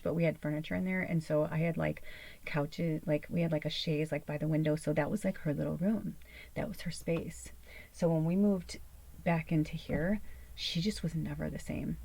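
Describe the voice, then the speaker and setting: A woman's voice: deep voice, creaky, mellow, no echo, poor audio. A woman host chatting casually, telling a rambling personal story with plenty of fillers and swearing. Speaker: channel host. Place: small camper or home interior.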